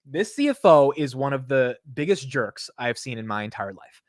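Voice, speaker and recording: A man's voice: medium pitch, very animated, normal speed, no room sound, studio quality. A young man hosting a casual livestream about the stock market, talking in a blunt, opinionated way and swearing now and then. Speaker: market commentary host.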